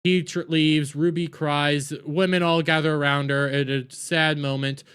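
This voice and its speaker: A man's voice: level tone, unhurried, clean tone. Exasperated man ranting in a TV review. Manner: exasperated, ranting, swings between loud outbursts and low mutters. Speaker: TV review host.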